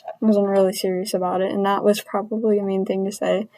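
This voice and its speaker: A woman's voice: mid-range voice, level tone, dark tone, dry recording, rough recording. Frustrated woman venting in a dry, close sound. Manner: frustrated, venting, halting restarts; earnest. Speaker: vlogger. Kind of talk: personal rant to camera.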